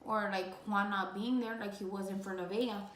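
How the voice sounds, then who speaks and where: A woman's voice: medium pitch, fairly even intonation, normal speed, fairly bright tone, roomy sound, a little hiss or hum, poor audio. A young woman vlogger telling her own story in a casual, rambling way, leaning on "like," emotional and close to tears at times. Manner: rambling, heavy use of "like".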